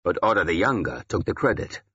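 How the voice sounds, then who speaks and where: A growling old Saxon ealdorman, voiced by a male audiobook reader, blunt and weary, snarling his orders. The voice sits very low with a husky edge. The audio is dull and lo-fi. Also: very animated, brisk, pushed and bright, heavily acted. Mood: gruff. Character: gruff battle-hardened older Saxon ealdorman, blunt. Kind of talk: audiobook character voice.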